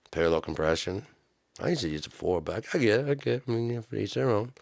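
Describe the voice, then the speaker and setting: A man delivers a comedic, ranting review of gear, swearing heavily and swinging between low muttering and loud shouting. He talks fast, with vocal fry.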